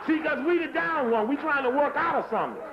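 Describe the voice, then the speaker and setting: A man giving a fiery political lecture in a hurried, emphatic, profane way, repeating his phrases. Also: very high voice, expressive, a crowd in the background. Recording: dull lo-fi tape recording.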